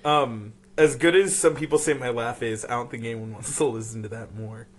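A man's voice: mid-range voice, fairly even intonation, a little fast. Rambling young man, dry sarcasm. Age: young adult. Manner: rambling, sarcastic, many fillers. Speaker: podcast guest, youth group leader. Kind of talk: casual chat.

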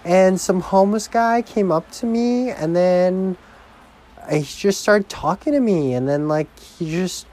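A woman's voice: medium pitch, expressive, unhurried, mellow, voice pushed up. A man voicing a ditzy, drunk young woman who rambles through a story in a raised, breathless voice. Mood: rambling.

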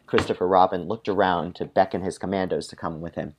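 Man, podcast storyteller, deep voice, deadpan narration, chuckling asides. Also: fairly quick, a little hiss or hum. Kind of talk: comic story reading and casual chat.

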